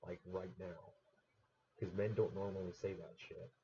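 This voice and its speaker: Deep-voiced man ranting profanely. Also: flat delivery, unhurried, warm tone, dull audio, slight background noise. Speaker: streamer. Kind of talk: late-night livestream monologue.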